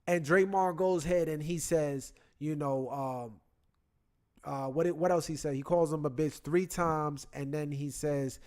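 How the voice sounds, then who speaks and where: Talking into his computer mic, a man with a fairly high voice hosts a casual sports chat. He tells the story in an animated, slangy way.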